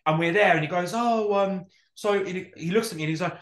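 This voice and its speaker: A man's voice: high-pitched, fast. A man co-hosting a podcast, telling stories in casual chat, swearing freely and acting out what people said. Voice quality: animated storyteller, swears freely, acts out quotes. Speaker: podcast co-host. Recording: roomy echo.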